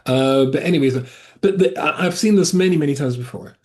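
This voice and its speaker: A man's voice: a little high, a little fast, darkish tone. A male rabbi teaching a Torah class over a video call, talking in a digressive way with frequent restarts and asides.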